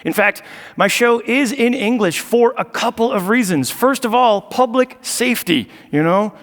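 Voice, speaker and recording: Comic guy, deadpan mock bragging, bit of a long echo. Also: very high-pitched, normal speed. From United States. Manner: sarcastic, deadpan asides with mock boasting. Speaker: stand-up comedian. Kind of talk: stand-up comedy set. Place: stage of a live show venue.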